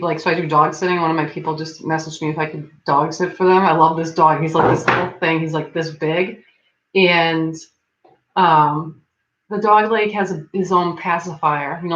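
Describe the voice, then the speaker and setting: A woman's voice: low-pitched, steady tone, normal speed, fairly bright tone, a little hiss or hum. A young adult woman chatting casually as a stream host, rambling and filling her talk with "like", often laughing. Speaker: livestream host. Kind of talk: casual chat. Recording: dull lo-fi sound in an echoey room.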